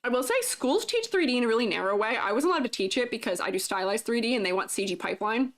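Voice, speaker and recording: This woman talks fast and animatedly in a slightly high voice while streaming her 3D art. Eating as she goes, she reads her chat aloud and chats away with lots of giggling.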